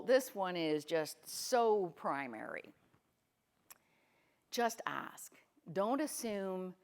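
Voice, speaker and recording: A middle-aged woman from Canada giving a conference talk, questioning the audience and telling lively stories. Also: on the low side. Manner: lively storytelling, often quotes people. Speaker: guest speaker. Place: conference room.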